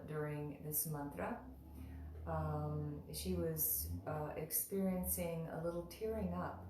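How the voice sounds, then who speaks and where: A woman teaching mantra practice in a calm, unhurried way, drawing out chanted syllables. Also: low-pitched, distant mic, slight background noise. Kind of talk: spoken teaching with slow chanting. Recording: very echoey room, voice from afar.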